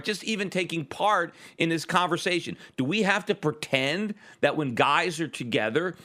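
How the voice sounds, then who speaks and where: A man's voice: fairly high pitch, bright, forceful tone. A man hosting his own podcast, giving emphatic, argumentative political commentary full of rhetorical questions. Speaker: podcast host.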